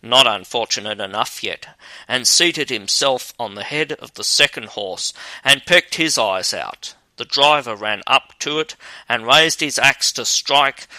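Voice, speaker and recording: Slow, bright-voiced man reading a fairy tale. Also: medium pitch, dry recording, poor audio. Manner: steady, measured storytelling. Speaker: narrator.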